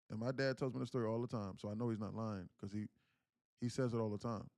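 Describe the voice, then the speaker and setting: Talking fast in a lowish, warm voice with fairly even intonation, a man around thirty recounts a family story on his day trading livestream. He's earnest and candid, repeating phrases frequently. The recording is dry and studio quality.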